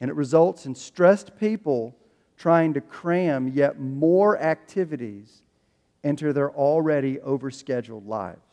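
A man preaching a sermon from the pulpit, his voice sitting high for a man. He is animated and acts out the people he quotes. His words ring with the long reverb of a large hall. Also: a little slow. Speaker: pastor.

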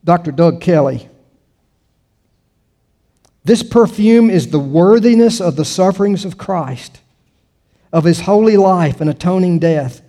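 A man's voice: sits high, expressive, unhurried, pauses often, mellow. An older man preaching a sermon in a conversational way, full of rhetorical questions and restarts. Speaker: pastor.

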